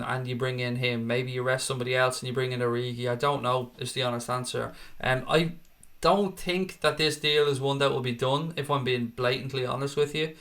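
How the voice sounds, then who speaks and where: A man's voice: mid-range voice, a bit bright. An Irish man hosting a fan channel, chatting casually and rambling through viewer comments with self-deprecating asides. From Ireland. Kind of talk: casual live-chat commentary.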